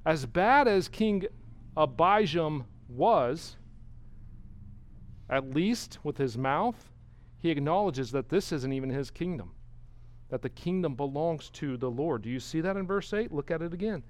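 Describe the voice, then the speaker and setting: Higher-pitched man preaching. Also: lively intonation, measured pace. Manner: emphatic, rhetorical questions, varies volume. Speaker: pastor. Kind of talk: expository sermon.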